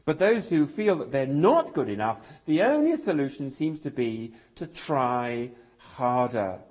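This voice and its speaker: An older man from England preaching a sermon as pastor, with dramatic pauses and key words dropped almost to a whisper. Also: medium pitch, big pitch swings, darkish tone.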